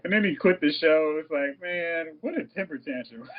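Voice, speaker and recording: A man with a fairly high voice chats on a casual podcast, teasing his co-hosts and laughing easily. The recording sounds somewhat dull and lo-fi. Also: normal speed. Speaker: podcast co-host. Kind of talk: casual chat.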